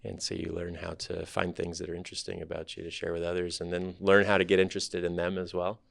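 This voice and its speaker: A man in his thirties, a startup CEO guest on a podcast interview, telling his story in a relaxed, candid, thoughtful way. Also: low voice, fast, vocal fry, no echo.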